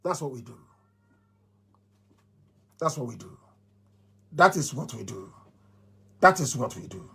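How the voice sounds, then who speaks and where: Man, Nigerian accent, middle-aged, live radio address, emphatic, repetitive, raspy. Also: medium pitch, lively intonation, a little slow, long pauses, fairly bright tone. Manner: emphatic, repeats phrases like a chant. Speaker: movement leader on radio.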